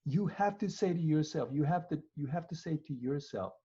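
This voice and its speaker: A law professor in his fifties with a New York accent, lecturing over a webinar. His voice sits a little high and sounds husky, and he jokes and acts out the people he quotes. The computer-mic audio comes through muffled and lo-fi. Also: fairly quick, hardly any pauses, dark tone. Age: 50s. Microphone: computer mic on video call.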